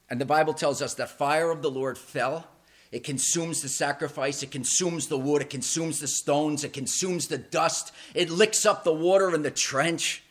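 A man with a notably high voice delivers a sermon from the pulpit of a church. His delivery is dramatic and emphatic, swelling to loud peaks and dropping to hushed, intimate lows. He repeats words as he builds momentum. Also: moderate pace. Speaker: preacher.

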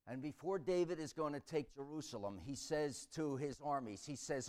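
Animated, dramatic male preacher. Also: a little high, moderate pace, hardly any pauses. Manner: swings between hushed reflection and loud shouting; dramatic storytelling delivery. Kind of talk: sermon.

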